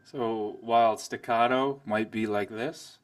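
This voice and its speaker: A man giving a piano lesson, calmly explaining and then playing examples at the keyboard. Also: fairly low pitch, slow. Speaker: piano teacher. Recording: voice from a distance, piano loud alongside.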